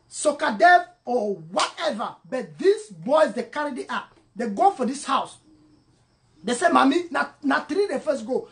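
A woman with a Cameroonian English accent mixed with Pidgin, delivering an impassioned monologue, emphatic and repetitive, swinging between loud and soft. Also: high-pitched. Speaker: online commentator.

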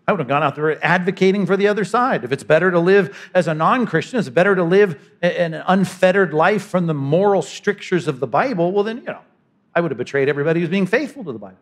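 A man delivers a sermon from the pulpit. His voice sits a little high for a man, and he moves between punchy emphasis and quiet, intimate asides. He often slips into the voices of imagined people. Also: expressive, fast. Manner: dynamic preaching, voices imagined speakers, sudden drops to quiet. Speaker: pastor.

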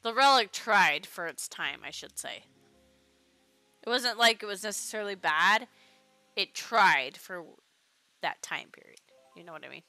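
A woman's voice: medium pitch, animated, unhurried, pauses often, pushed and bright, no room sound, soft background music. A young adult woman streaming a game, chatting casually, talking to her pet and swearing now and then. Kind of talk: casual gameplay chat.

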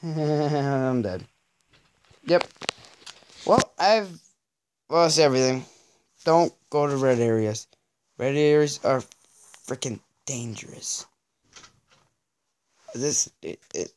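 A man giving let's-play commentary, exasperated and stammering, often pleading out loud with the game. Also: mid-range voice, expressive, slow pace, pauses often, clear, resonant tone. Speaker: gaming video creator.

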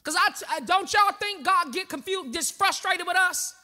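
A woman's voice: extremely high pitch, normal speed, bright, forceful tone. A woman pastor, preaching an impassioned sermon in a church and calling out to the congregation. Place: church sanctuary.

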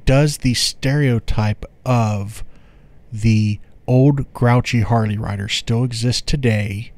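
A man's voice: medium pitch, takes it slowly, darkish tone, no room sound. A man co-hosting a podcast who leads the talk and gives blunt opinions. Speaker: podcast co-host. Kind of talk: casual podcast chat.

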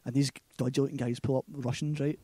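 A man's voice: mid-range voice, level tone, fast talker, warm tone, slightly rough, no echo. A man with a Scottish accent, co-hosting a casual movie chat and retelling a film plot in a loose, rambling way, full of "like" and "right?". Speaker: podcast co-host.

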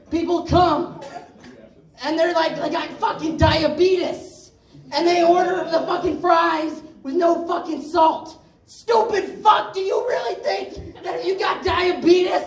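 A man with a strikingly high voice tears through a profane stand-up rant, shouting and firing off lines. He sounds distant and echoey, as if caught from across a bar, with a crowd laughing loudly behind him. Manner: profane, shouting, rapid-fire. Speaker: stand-up comedian. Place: bar comedy stage. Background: audience laughter.

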